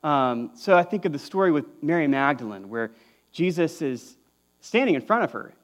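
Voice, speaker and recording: Man, young adult, pastor, casual sermon, slightly high voice. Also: big pitch swings, moderate pace. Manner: conversational and chatty, with filler words and restarts.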